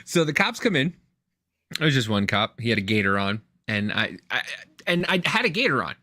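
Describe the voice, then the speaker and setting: A man co-hosting a podcast, telling a rambling, animated anecdote in casual chat. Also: mid-range voice, fairly quick, no echo. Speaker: podcast co-host.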